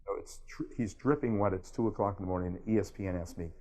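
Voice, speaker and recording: A man's voice: deep voice, fast. An older man from Miami, a sports broadcaster appearing as a guest on a casual interview, telling stories animatedly and slipping into impressions. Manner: animated storyteller, does impressions.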